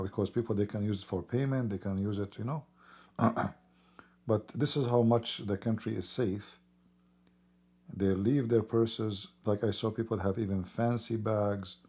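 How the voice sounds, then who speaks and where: A hoarse man who is losing his voice talks in a rambling, emphatic way during a casual livestream, clearing his throat often. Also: fairly low pitch, warm tone. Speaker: livestream host.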